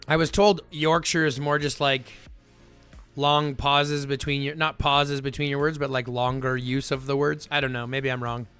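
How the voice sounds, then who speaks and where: A man hosting a livestream, chatting casually with viewers in a rambling, animated way full of fillers. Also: mid-range voice, normal speed, clean tone, soft background music. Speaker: livestream host.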